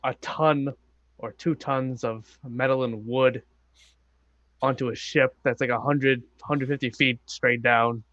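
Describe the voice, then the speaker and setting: A man playing a tabletop game speaks in a casual, dryly joking way at an ordinary pitch. The sound is dry and a bit muffled. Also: steady tone, a little slow, fairly bright tone, no room sound. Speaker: player.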